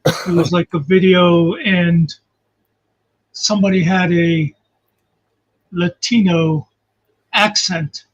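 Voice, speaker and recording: High-voiced husky man rambling on a call. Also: fairly even intonation, slow, long pauses. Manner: rambling, reflective, repeats "you know". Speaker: guest commentator. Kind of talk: casual livestream chat. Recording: muffled lo-fi call audio.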